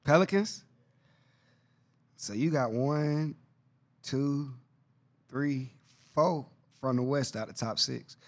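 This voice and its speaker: A man hosting a podcast, chatting casually and excitedly, full of slang and repeating himself. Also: mid-range voice, slow pace, long pauses. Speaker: podcast host. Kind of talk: casual basketball chat.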